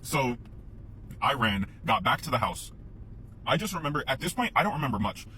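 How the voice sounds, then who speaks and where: A man's voice: mid-range voice, sing-song, normal speed, pushed and bright, a little hiss or hum, low-quality recording. A man telling a casual, rambling story to camera, swearing freely and often laughing.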